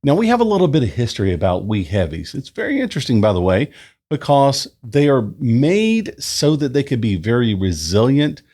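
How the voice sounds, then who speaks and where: Chatty guy reviewing beer at home, voice bounces up and down a lot. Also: fairly quick. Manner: chatty, relaxed, lively pitch. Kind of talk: casual review with read-out history segment. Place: indoors at home, summer. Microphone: new desk microphone.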